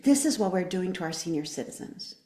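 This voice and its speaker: A woman's voice: fairly low pitch, expressive, fairly quick, darkish tone. Passionate woman candidate in a roomy space. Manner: passionate, emphatic, rhetorical questions. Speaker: political candidate. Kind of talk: interview answer.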